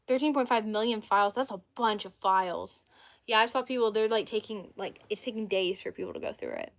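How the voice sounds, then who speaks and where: A woman's voice: mid-range voice, vocal fry. An eighteen-year-old woman chatting casually on a livestream, rambling between topics and answering viewers' comments.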